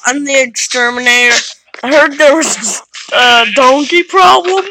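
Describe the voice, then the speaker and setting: Woman doing a loud bossy exterminator guy, high and quick, lots of noise behind. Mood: brusque. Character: brash pushy exterminator on the job.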